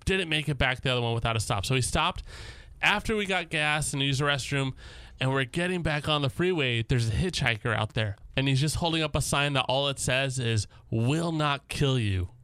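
A man co-hosting a radio show, telling a story in an animated, laughing way. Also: mid-range voice, fairly quick, clear, resonant tone, no echo. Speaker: radio co-host.

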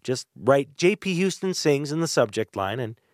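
A man hosting a radio show, telling a nostalgic story in a wry, animated way with chuckles and dramatic pauses. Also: mid-range voice, in a large hall. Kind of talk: nostalgic first-person storytelling.

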